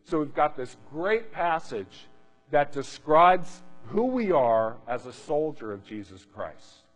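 A man's voice: a little high, very animated, slow pace. A man preaching a sermon in a conversational way, often checking in with his listeners by asking "right?". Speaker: pastor. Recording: long reverb of a hall.

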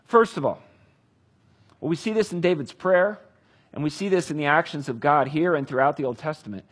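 A male preacher with a slightly raised, husky voice. He talks to his congregation casually, then swells and slows when he reads the scripture aloud. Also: a little high. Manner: animated, conversational preaching with dramatic readings. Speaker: pastor. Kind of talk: sermon.

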